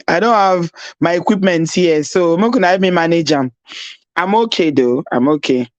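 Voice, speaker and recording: Nigerian lady chatting on a live stream, husky voice, laughs a lot, no real mic, dry sound. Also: lowish voice, no room sound, muffled recording. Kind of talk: casual live-stream chat. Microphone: no proper mic, device mic.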